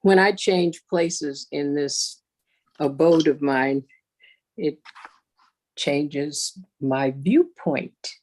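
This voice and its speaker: Participant: unhurried, mid-pitched speaker calling in from a tablet. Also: a little mellow. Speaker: meeting participant. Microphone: tablet on a video call.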